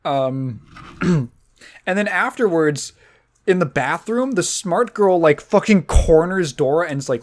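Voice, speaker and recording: A man's voice: a little high, animated, a little slow, darkish tone. Rambling young man on a podcast. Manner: rambling, laughing, acting out quotes. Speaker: podcast host. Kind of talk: casual podcast chat.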